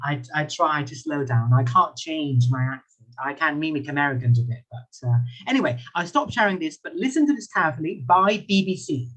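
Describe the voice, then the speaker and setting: A man who speaks English with a British accent and a Thai first language, teaching an online English class in a playful way, repeating his questions slowly and chuckling often. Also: fairly high pitch, lively intonation, fairly bright tone. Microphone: computer mic on a video call.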